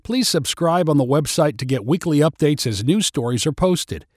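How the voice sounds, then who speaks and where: Man reading a story aloud, lively pitch. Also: normal speed, no room sound, clean studio sound. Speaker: narrator. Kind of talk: scripted story narration.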